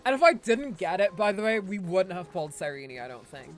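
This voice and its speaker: A chatty man wraps up a game livestream in a loose, rambling way, swearing freely as he goes. His voice sits fairly high for a man. Soft game music plays quietly behind him. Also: big pitch swings, brisk. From Ireland. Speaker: game streamer. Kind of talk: casual livestream chat.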